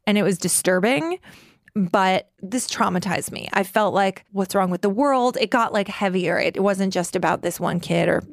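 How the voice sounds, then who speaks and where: A woman in her forties from New York with a gravelly, fry-edged voice. She talks bluntly and swears freely, telling her story in quick run-on bursts packed with "like". The sound is close and dry. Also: medium pitch, no echo. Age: 40s. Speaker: guest. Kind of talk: candid personal storytelling in conversation.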